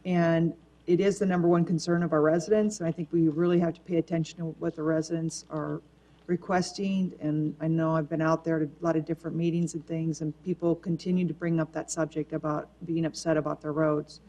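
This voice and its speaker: Woman, councilmember, very low voice, plain measured delivery. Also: flat delivery, warm tone. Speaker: city councilmember. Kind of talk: council debate.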